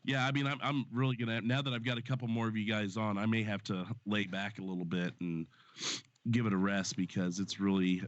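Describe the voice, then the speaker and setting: On his live stream show, a man swears casually with friends, gives game commentary and reads donations aloud. His fairly low voice is quick and fairly flat, stuffy and strained from a sore throat. The stream audio is dry, dull and lo-fi, without room sound.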